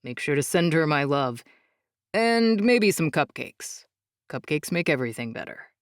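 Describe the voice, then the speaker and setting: A woman voicing a tired, caring young husband in an audiobook, speaking low and weary. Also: very animated, a little slow, no room sound, studio quality. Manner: low, weary and soft-spoken. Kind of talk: audiobook character voice.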